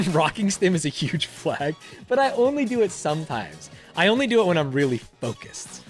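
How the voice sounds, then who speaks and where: A man's voice: a little high, moderate pace, soft background music. A young man who makes online videos, reading quiz questions aloud in casual commentary, swearing freely and laughing often. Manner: animated, profane, laughs often. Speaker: YouTuber.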